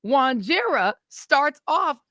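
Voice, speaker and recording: A woman co-hosting a podcast, telling a story in an animated, laughing way. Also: high voice, takes it slowly, dry recording, clean studio sound. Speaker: podcast co-host. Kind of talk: casual storytelling chat.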